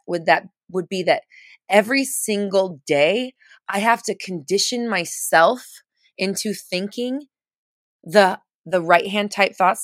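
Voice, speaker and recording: Woman, low voice, dry close sound, casual live-stream coaching, emphatic repetition. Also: dry recording. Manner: casual, chatty, many fillers and restarts; emphatic, repeats phrases for stress.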